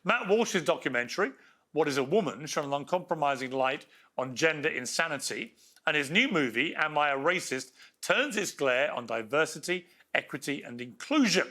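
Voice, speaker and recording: A man's voice: fairly high pitch, animated, normal speed, bright, forceful tone. A man hosting a TV talk show, reading a scripted intro and questioning a guest. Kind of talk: interviewing a guest.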